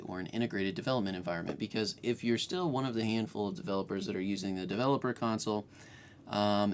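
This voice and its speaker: A man's voice: fairly low pitch, slight background noise. A man hosting a screen-share coding tutorial, talking casually with lots of fillers and restarts, at home. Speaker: programming tutorial host.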